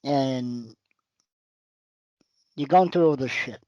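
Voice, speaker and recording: A man's voice: mid-range voice, slow, dark tone, no room sound, dull audio. A man hosting a casual talk, giving advice and breaking things down step by step. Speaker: podcast host giving advice. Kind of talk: casual conversation.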